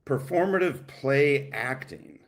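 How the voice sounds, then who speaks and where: A man hosting a livestream, reacting to a clip with loud, profane, laughing commentary and shouting out donors. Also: mid-range voice, slow. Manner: loud, laughing, swearing, animated. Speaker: livestream host.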